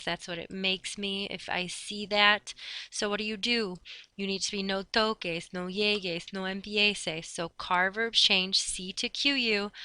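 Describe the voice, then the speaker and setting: Bright, chatty woman teaching Spanish. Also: mid-range voice, clean tone, dry recording. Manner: brisk, chatty classroom explaining. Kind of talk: recorded slideshow lesson.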